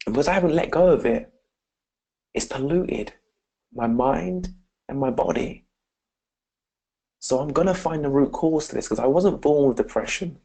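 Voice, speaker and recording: With a creaky, darkish mid-range voice on a low-quality recording, a British man speaks to camera as a motivational speaker. His story is personal and earnest, and he keeps referring to his listeners as "guys."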